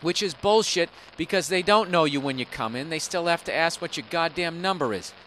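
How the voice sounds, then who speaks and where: A man ranting on his podcast in a rambling, foul-mouthed, sarcastic way. His voice sits a little high and comes across bright and forceful. He talks into a single mic in a hotel room, with faint noise underneath. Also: brisk, rough recording. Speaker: podcast host. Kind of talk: rambling comedic podcast rant. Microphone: single microphone, no headphones.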